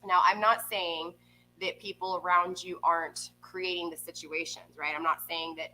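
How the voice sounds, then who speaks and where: Tarot reader, woman, chatty with viewers, low-set voice with a bright edge. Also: little pitch movement, normal speed, slight background noise, low-quality recording. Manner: chatty, keeps checking in with "okay?" and "right?". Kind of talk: live tarot reading to viewers. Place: home room with a pet nearby. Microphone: desk microphone.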